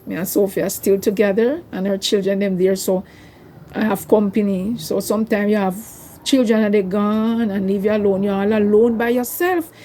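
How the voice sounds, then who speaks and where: A woman's voice: medium pitch, fairly even intonation, normal speed, warm tone, a little hiss or hum. An older woman, telling a personal story to her vlog viewers in a rambling, emotional way. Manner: emotional, rambling, tearful at times. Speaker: vlogger.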